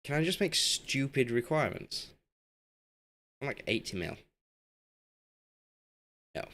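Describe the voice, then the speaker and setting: A man's voice: mid-range voice, big pitch swings, slow pace, sharp tone. A man streaming a game, rambling in casual commentary and talking to the players on screen as he goes, while losing his voice.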